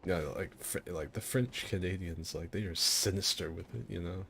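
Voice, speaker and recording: A man's voice: deep voice, normal speed, gravelly, fairly bright tone, slight background noise. A man streaming a game fight night, telling a long rambling story that breaks off and keeps laughing at itself. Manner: rambling, self-interrupting, laughing at his own jokes. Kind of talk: casual storytelling over gameplay.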